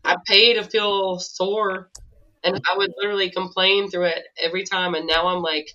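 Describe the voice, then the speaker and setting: Bright, chatty woman on lo-fi audio. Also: on the low side, moderate pace, slight background noise. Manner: animated, chatty, laughs easily. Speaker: podcast co-host. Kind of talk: casual conversational storytelling. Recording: dull lo-fi recording.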